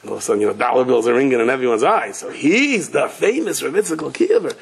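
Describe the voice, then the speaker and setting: A rabbi telling a story in a Torah class in a lively way, who often laughs and breaks into excited character voices. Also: male voice, medium pitch, quick pace, creaky, husky. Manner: laughs often and restarts sentences.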